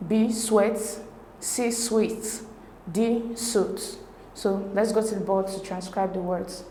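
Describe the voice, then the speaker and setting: A woman, working through exam questions as a tutor in a steady, methodical way. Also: medium pitch, slow pace, slight background noise. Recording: echoey room.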